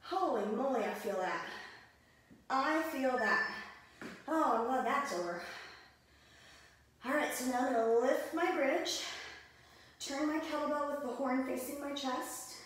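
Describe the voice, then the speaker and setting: Breathless, high-voiced woman coaching a workout. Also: moderate pace, pauses often. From American Midwest. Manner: chatty, cues moves while exercising. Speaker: fitness instructor. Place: home workout room with mirrors. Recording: echoey room, voice from far off.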